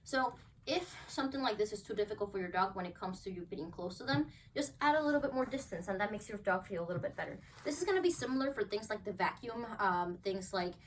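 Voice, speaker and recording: A woman's voice: medium pitch, lively intonation, fast. A woman dog trainer at home explaining a demo and praising her dogs in upbeat bursts. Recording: voice from a distance, faint background noise.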